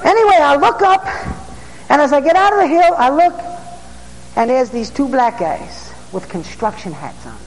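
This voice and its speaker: Excitable high-voiced New preacher man. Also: normal speed, long reverb tail, slight background noise, low-quality recording. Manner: excitable, bursts into shouts, asks the crowd for amens. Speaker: preacher, former police officer. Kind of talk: storytelling sermon.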